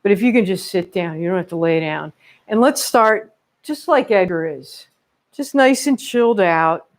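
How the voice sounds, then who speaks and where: A woman's voice: medium pitch, expressive, moderate pace. A woman leading a children's yoga class at home, upbeat and encouraging as she talks young kids through each pose. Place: home room with her dogs. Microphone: camera she set up herself.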